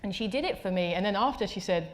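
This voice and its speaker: A woman's voice: mid-range voice, expressive, fast. Reflective woman telling stories. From England. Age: 30s. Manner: reflective, repeats words as she restarts, acts out quoted voices. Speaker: artist guest. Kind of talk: conversational storytelling at a live talk. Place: stage at a live talk venue.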